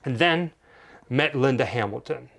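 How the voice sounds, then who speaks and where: A man's voice: medium pitch, expressive, unhurried, creaky, a bit bright. A man co-hosting a collectors' vlog, showing items in a playful, jokey, showman-like way. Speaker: collector co-host.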